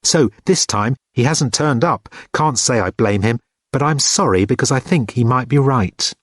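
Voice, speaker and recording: A man voicing a taciturn, gruff old man at a feast, grumbling in short phrases for an audiobook. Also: medium pitch, moderate pace, no echo, clean studio sound, voice pushed up, natural voice. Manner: laconic, grumbling.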